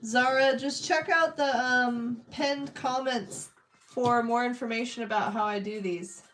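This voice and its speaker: Young woman, live-stream chat, slow pace, slightly high voice, casual greetings to viewers. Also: fairly even intonation, fairly bright tone. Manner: chatty, reads and greets the chat while drawing. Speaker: streamer drawing requests.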